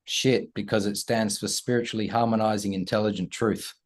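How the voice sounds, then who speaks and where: A man's voice: on the low side, steady tone, brisk. A man guesting on an interview, talking earnestly and reflectively, with playful asides. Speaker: guest, self-worth coach. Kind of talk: conversational interview.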